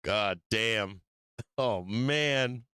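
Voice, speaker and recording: A man with a lowish, bright, forceful and smooth voice draws out his words while hosting a live stock market stream. He comments casually on charts, laughs often, swears, and teases his chat, in clean, echo-free studio-quality sound.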